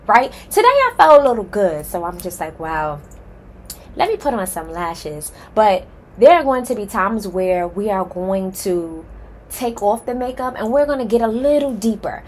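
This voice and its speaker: A woman's voice: medium pitch, animated, moderate pace, a little hiss or hum. A woman hosting her own podcast, giving a heartfelt, emphatic solo introduction and speaking straight to her listeners. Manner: passionate and emphatic, addresses listeners as y'all. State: nervous and excited. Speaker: podcast host.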